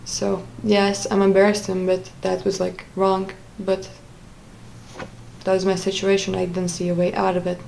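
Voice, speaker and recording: A young woman speaks in a level, unvaried tone, pausing often as she searches for the right words. She tells her story casually and directly to camera. A faint hum of room noise sits underneath. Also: mid-range voice, monotone, creaky, darkish tone, rough recording. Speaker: vlogger.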